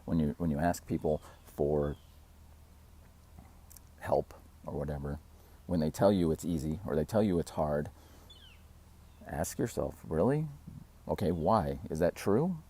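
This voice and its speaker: Low-voiced man musing casually to camera. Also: expressive, a little slow, pauses often, warm tone, slightly rough. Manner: rambling, laughs at himself, mock quotes in raised voice. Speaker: fitness channel host. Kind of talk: casual talking-to-camera vlog.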